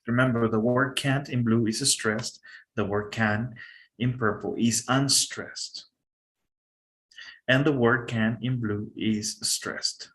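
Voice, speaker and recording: A man's voice: mid-range voice, steady tone, takes it slowly, fairly bright tone, rough recording. A man teaching an English lesson, casual and checking in often with short prompts. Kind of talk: casual tutoring.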